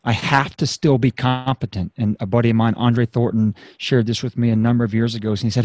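A man's voice: mid-range voice, brisk, hardly any pauses, dry recording. A man hosting a podcast interview, talking casually and with upbeat energy, often repeating a word as he starts a phrase. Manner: upbeat, energetic, hypes the sign-off. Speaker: podcast host.

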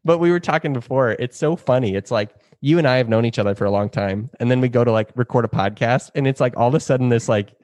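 Young male podcast co-host, casual and chatty, laughs a lot, mid pitch, dry close mic. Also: fast talker, hardly any pauses, darkish tone, dry recording. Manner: chatty, laughs often, fillers like "like". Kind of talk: casual chat.

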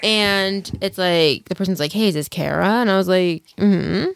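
A woman's voice: fairly low pitch, gravelly, smooth, no echo, clean studio sound. A woman co-hosting a casual podcast who laughs often and backs up her co-host's stories. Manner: laughs often, quick to back up her co-host. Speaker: podcast co-host. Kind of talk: casual chat.

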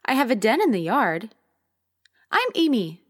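A woman reading a short story and voicing a five-year-old girl who is insistent and wistful, speaking high and pleading. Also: very animated, measured pace. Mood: childlike.

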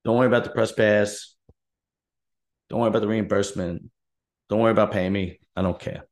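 A man with a low voice tells a long story on his own show. He speaks bluntly and sounds fed up, and he reenacts what he and others said. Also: steady tone, a little fast. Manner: direct, aggrieved, recounting dialogue. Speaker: podcast host. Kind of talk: casual storytelling monologue.

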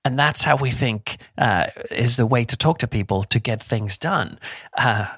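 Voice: medium pitch, moderate pace, fairly bright tone, husky, no room sound, studio quality. A YouTuber giving a conversational reflection on a Bible passage, chatty and informal with asides and restarts.

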